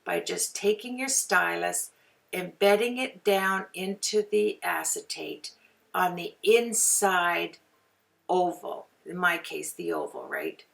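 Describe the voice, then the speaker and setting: Gravelly, chatty Canadian woman crafter. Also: on the low side, sing-song, takes it slowly, fairly bright tone, far from the mic. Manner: chatty, rambling, goes off on tangents. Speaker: card-making tutorial host. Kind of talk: casual craft demonstration. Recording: voice from away from the mic.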